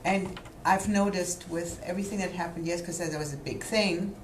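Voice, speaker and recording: A woman explaining her worries about her daughter to a parenting expert, in a halting, concerned way. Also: on the low side, steady tone, slight background noise. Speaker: parent asking for advice. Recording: echoey room.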